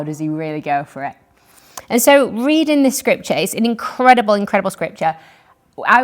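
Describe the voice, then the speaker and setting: A woman giving an earnest, encouraging devotional Bible teaching, reading scripture aloud and explaining it. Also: on the low side.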